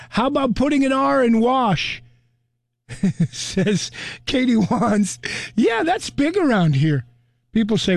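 A man's voice: high voice, big pitch swings, unhurried, vocal fry, no echo, clean studio sound. An older male morning radio host in a chatty, amused talk segment, reading out listener comments.

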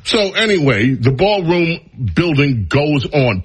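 A man's voice: mid-range voice, unhurried, husky. A male radio talk show host giving an opinionated, mocking monologue. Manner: mocking, drawling, animated.

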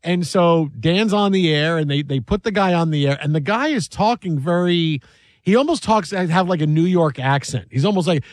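A man hosting a sports talk show, telling a story in an animated way and acting out the voices of the people in it. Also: on the high side, moderate pace, no echo.

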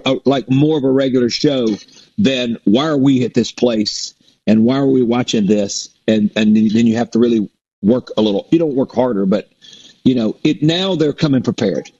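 A middle-aged man with a slightly husky voice tells long stories about his shows, circling back with restarts and fillers. The audio sounds dull and lo-fi, as if through a modest mic. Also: medium pitch, moderate pace, dark tone. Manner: rambling, with many restarts and fillers. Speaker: performer and guest. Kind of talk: casual interview storytelling. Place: performs a resident show in a Mississippi theater.

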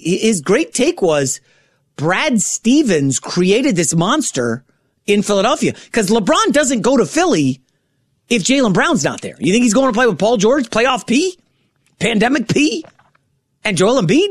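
A middle-aged man filling in as a sports radio host, talking in an excitable, rambling way with quick self-corrections, in a radio studio. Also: extremely high pitch, dry recording.

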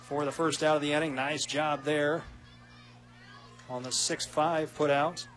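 Man calling softball on the radio. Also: a little high, little pitch movement. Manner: quick, rising with big plays. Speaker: play-by-play announcer. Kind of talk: radio sports commentary.

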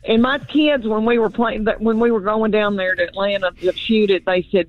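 A woman's voice: medium pitch, steady tone, normal speed, few pauses, low-quality recording. An older woman from Knoxville with an East Tennessee accent, chatting as a comedian guest in a casual phone interview, folksy and self-mocking.

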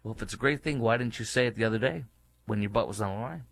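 A man hosting a political commentary show, delivering an indignant, emphatic rant that leaps up in pitch and loudness, then drops into low, muttered asides. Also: quick pace, vocal fry, dry recording. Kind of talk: opinionated monologue.

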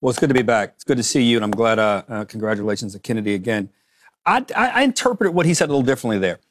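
A man speaks quickly as a guest panelist, relaxed and a little stumbling. He is recorded dry and close on a studio microphone. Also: medium pitch, dry recording. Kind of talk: casual panel talk.

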